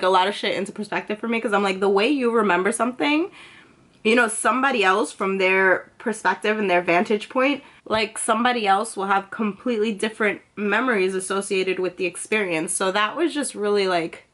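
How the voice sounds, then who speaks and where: A woman's voice: medium pitch, fairly quick, fairly bright tone. A young woman vlogging, telling a personal story in a chatty, casual way, full of filler words and swearing freely.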